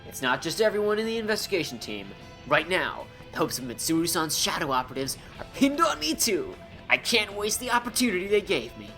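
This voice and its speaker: A man's voice: high voice, very animated, a little fast, pushed and bright. A man doing let's-play commentary, reading game text aloud between joking, sarcastic, rambling asides. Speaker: gameplay commentator. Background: faint game music.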